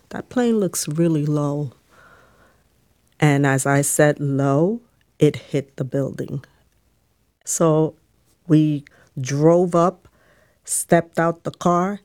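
A woman's voice: low-pitched, a little mellow, no echo, clean studio sound. A woman who is a police officer, recounting events in an interview in a plain, matter-of-fact way.

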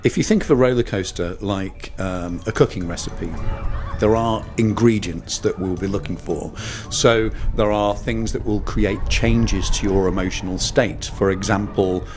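Low-voiced man explaining as an expert. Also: unhurried, a little mellow, a little hiss or hum. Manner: clear, explanatory. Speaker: expert interviewee. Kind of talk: explanatory interview.

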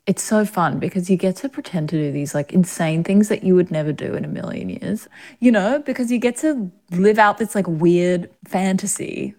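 Chatty Australian actress, laughing often. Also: female voice, on the low side, normal speed, warm tone. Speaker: actor guest. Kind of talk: casual interview chat.

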